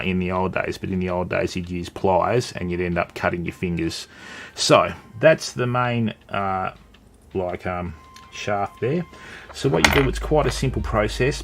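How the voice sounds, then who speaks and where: A man's voice: sits low, creaky, slight background noise. A man with an Australian accent hosting a casual live stream, chatting and greeting viewers while he works with his hands.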